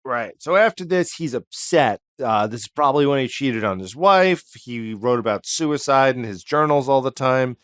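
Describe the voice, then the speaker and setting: A man's voice: medium pitch, animated, moderate pace, few pauses, fairly bright tone, dry recording, clean studio sound. A man co-hosting a comedy history podcast, telling the story in a rambling, jokey way with asides. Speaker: podcast co-host.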